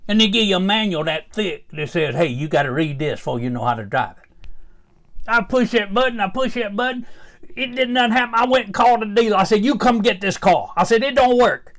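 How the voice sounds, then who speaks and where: A man playing a cranky older grandpa with a Southern Louisiana accent, ranting in a folksy, grumbling, exasperated comic monologue. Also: sits high. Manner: folksy, grumbling, exasperated, rising to indignant outbursts. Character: cranky old Southern grandpa fed up with gadgets.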